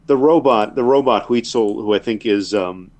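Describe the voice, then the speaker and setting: A man in casual podcast chat with a lower voice. He is thoughtful and a bit hesitant, often pausing to find the right words. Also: darkish tone. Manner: hesitant, searching for words with fillers. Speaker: podcast co-host.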